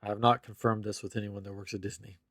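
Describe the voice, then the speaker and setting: A man hosting a casual podcast chat, telling stories in an animated way with frequent laughs. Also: on the low side, quick pace, no room sound, studio quality. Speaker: podcast host.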